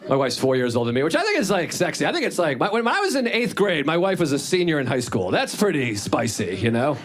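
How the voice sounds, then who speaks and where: A man's voice: on the high side, wildly swooping pitch, quick pace. A man in his thirties doing a wry, conversational stand-up set, acting out his own lines. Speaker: stand-up comedian. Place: comedy club stage. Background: audience laughing.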